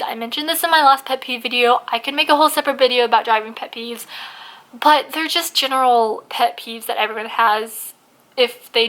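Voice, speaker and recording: Blunt, swearing woman ranting, slightly higher voice. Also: a bit bright. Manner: blunt, swears a lot, heavy use of "like". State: losing her voice. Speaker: vlogger. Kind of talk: casual ranting vlog.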